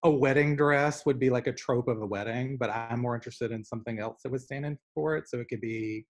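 A man's voice: mid-range voice, a little fast. A young man from the American South with a Southern accent, an artist talking casually on a video call, telling stories animatedly with lots of fillers. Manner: animated storyteller, many fillers. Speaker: artist guest. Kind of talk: casual conversation.

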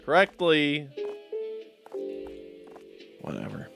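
A man's voice: mid-range voice, lively intonation, a little slow, pauses often. A young man giving joking, sarcastic commentary while playing a video game and bantering with its characters. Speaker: gaming YouTuber. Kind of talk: let's play commentary. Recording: game music behind the voice. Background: game music.

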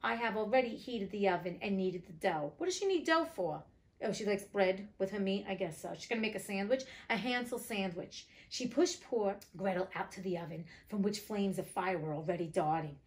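A woman's voice: mid-range voice, lively intonation, moderate pace, a little mellow. A woman reading a fairy tale aloud as the host of a reading show, breaking in with joking, chatty comments. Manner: joking, chatty commentary between read passages. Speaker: audiobook reader.

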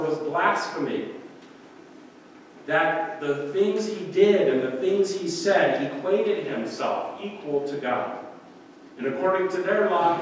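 A man delivers a sermon with a fairly high voice and earnest emphasis, lifting his tone when he voices the quoted lines. He is picked up from a distance in a large, echoing church sanctuary with a long reverb tail. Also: slight background noise. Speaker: pastor. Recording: echoey church hall, mic at a distance.

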